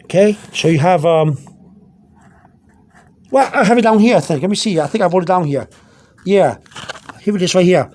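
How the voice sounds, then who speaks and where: Guy with a fairly high voice teaching words off a label, lots of restarts and okays. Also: lively intonation, darkish tone. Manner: halting, repeats words and checks in with "okay?". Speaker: language teacher. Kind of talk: informal vocabulary lesson. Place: indoors, pointing at a product label.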